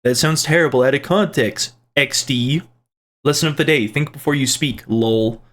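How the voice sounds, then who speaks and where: Reading out comments from his viewers, a channel host replies playfully and rambles, restarting now and then and tossing in side jokes. His mid-range voice is a bit bright and moves at normal speed in this casual chat.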